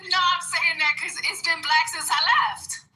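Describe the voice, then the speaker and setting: A woman's voice: extremely high pitch, unhurried. A woman in a casual podcast chat, joking and laughing often. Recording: roomy echo, music behind.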